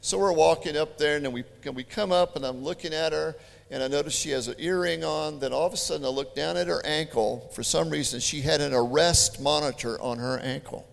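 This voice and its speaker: A man preaching a sermon, telling stories in an animated, chatty way with joking asides. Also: fairly high pitch, fairly quick, gravelly. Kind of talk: storytelling sermon. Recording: long hall reverb.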